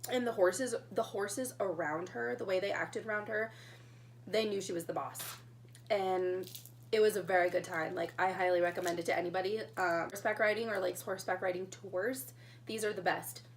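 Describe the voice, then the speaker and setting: A woman's voice: mid-range voice, fairly even intonation, normal speed, slight background noise. A young woman telling a story in a casual mukbang vlog, chatting while she eats. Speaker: vlogger.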